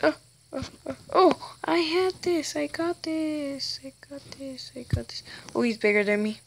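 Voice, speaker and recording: A female gaming channel host giving excitable, chatty gameplay commentary, often breaking into exclamations. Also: high-pitched, measured pace, gravelly, slight background noise.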